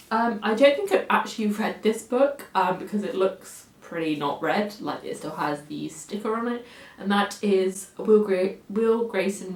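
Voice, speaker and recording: A woman in her twenties with a southern English accent talks casually to camera about her bookshelf. Her voice sits at an ordinary middle pitch, and she rambles in a chatty, self-deprecating way with plenty of fillers. The recording picks up a noticeably echoey room at home. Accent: English, Oxfordshire-Cambridgeshire area. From England. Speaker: book vlogger.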